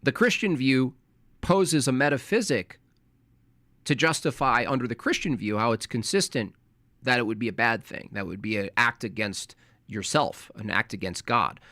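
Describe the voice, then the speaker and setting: An American man giving sarcastic, argumentative commentary on a debate clip, speaking in rapid bursts. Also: medium pitch, lively intonation, sharp tone, no room sound. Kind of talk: casual commentary.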